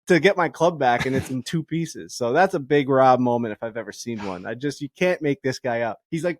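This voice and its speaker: Man, podcast co-host, lively storyteller, acts out quotes, dry close mic. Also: medium pitch, a little fast, dry recording. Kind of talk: casual chat.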